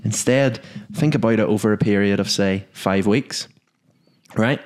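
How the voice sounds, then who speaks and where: A man hosting a casual podcast chat, joking and chatty. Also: lowish voice. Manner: lively, joking, quick asides. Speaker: podcast host.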